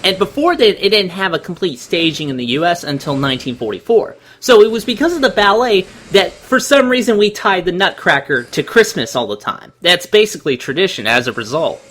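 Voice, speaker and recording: A man giving animated, laugh-filled commentary on a video game, sharing trivia along the way. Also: high voice, a little fast, few pauses. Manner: animated, giggly, full of trivia. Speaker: let's play co-commentator. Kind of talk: casual gameplay commentary.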